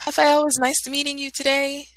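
A woman from Washington, D.C. with a General American accent, teaching English on a video call and explaining clearly and patiently. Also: sits high, flat delivery, fairly quick, no echo, low-quality recording. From Washington, D.C., United States. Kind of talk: online English lesson.

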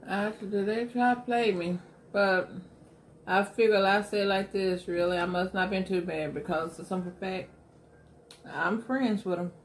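A woman's voice: medium pitch, fairly even intonation, a little slow, a little hiss or hum. Candid middle-aged woman hosting an eating show. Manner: candid, emphatic storytelling. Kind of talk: casual chat while eating.

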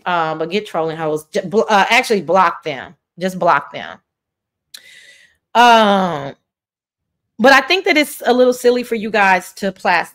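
A woman's voice: on the high side, a bit bright. A woman host with a Southern accent, giving blunt, profane commentary in a casual chat.

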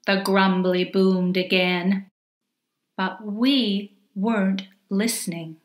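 Slow, playful woman reading a storybook. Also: mid-range voice, flat delivery, echoey room. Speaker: author reading her picture book. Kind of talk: storybook read-aloud for children.

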